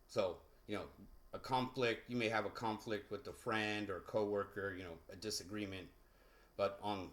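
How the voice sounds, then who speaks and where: A man teaching English pronunciation in a relaxed, casual way, with many fillers and restarts. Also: mid-range voice. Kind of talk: casual vocabulary lesson.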